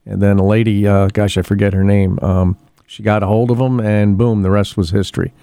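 A man's voice: fairly low pitch, flat delivery, fairly quick, warm tone, smooth, no room sound. A man hosting a casual local radio show, chatting in a rambling way with many fillers and restarts. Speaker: radio host. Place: radio studio.

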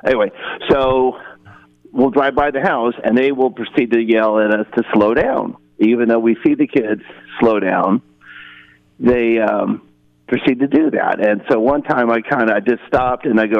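A man phoning in to a radio show, his voice gravelly and sitting in the middle of the male range. He tells a rambling, exasperated story with the odd chuckle. The line is dull and muffled and sounds dry, with no room around it. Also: medium pitch, normal speed, dry recording. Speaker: caller. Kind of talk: casual phone-in story.

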